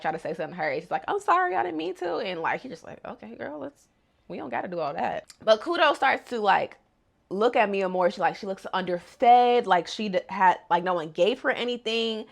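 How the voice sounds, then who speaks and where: A woman casually recapping a cartoon episode, animated and slangy, who reacts loudly to the story. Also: medium pitch. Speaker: video host.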